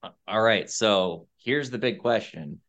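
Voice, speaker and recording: A man hosting a podcast, telling stories in a casual, lively way and slipping into quick accent impressions. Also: on the low side, highs cut off. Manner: animated storyteller who mimics accents. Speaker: podcast host. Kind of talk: casual chat, storytelling.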